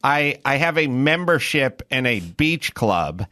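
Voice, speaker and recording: A man's voice: medium pitch, very animated, slow, bright, forceful tone, no room sound, studio quality. A middle-aged man hosting a podcast, telling rambling observational stories in casual chat. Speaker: podcast host.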